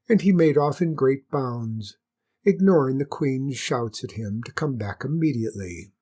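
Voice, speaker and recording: A male storyteller reading a fairy tale aloud, measured and expressive. His voice has a husky grain at a middle pitch.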